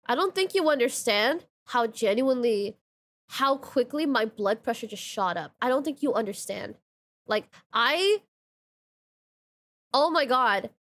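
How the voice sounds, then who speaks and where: A woman's voice: a little high, expressive, measured pace, a bit bright, no room sound. A young woman streaming a story game, commenting casually, exasperated and swearing often, saying "question mark" aloud.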